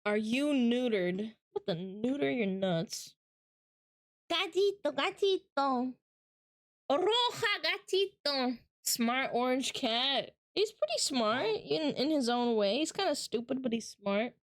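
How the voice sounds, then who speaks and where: A woman streamer with a fairly high voice, chatting with her viewers in a playful, teasing way. She takes her time, speaking in an unhurried drawl between giggles. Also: lively intonation, dry recording, studio quality. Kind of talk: casual chat reading live comments.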